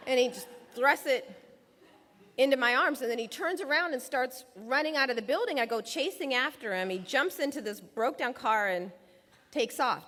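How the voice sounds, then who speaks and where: A woman's voice: sits high, pushed and bright. A woman telling a personal story from her time as a lawyer in a public talk, vividly acting out the dialogue she quotes. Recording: long hall reverb.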